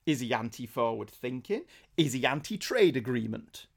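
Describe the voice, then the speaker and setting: Brief: man, mid-pitched, wry and animated podcast co-host in casual chat. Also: gravelly. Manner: wry, animated, quick asides and jokes. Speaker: comic book podcast co-host.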